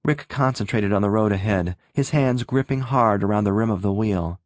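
A man's voice: on the low side, normal speed, no echo. Man reading an audiobook, dry close sound. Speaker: narrator. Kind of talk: audiobook narration.

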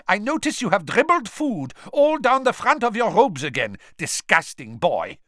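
A man's voice: high voice, big pitch swings, moderate pace, pushed and bright, dry recording, studio quality, voice pushed up, heavily acted. A man voicing a fussy, snappish middle-aged male headmaster in a storybook reading, doting one moment and sneering the next. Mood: snapping.

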